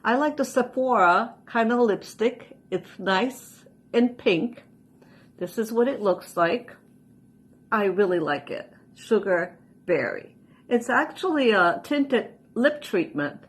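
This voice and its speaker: A woman in her sixties walks viewers through her makeup in an easy, homely way. Her voice sits fairly high and she takes her time. Each step is explained as she goes. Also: expressive, slow. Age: 60s. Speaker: show host doing a makeup tutorial. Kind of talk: casual makeup demonstration chat.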